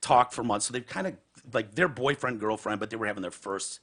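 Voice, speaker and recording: A man's voice: on the low side, brisk, fairly bright tone. A man hosting a podcast, telling a profane story in casual chat. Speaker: podcast host.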